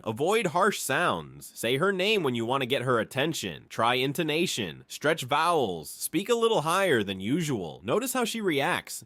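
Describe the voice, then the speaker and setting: A man's voice: mid-range voice, a bit bright, dry recording. A man giving scripted narration for a pet advice video, explaining things and speaking directly to the viewer.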